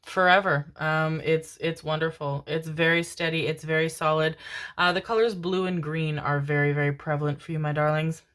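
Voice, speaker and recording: A woman's voice: low voice, steady tone, normal speed, a bit bright. A woman giving a casual tarot reading to camera, affectionate and chatty, swearing casually and laughing often. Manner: affectionate, constantly calls viewers "my loves" and "my babies". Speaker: tarot card reader.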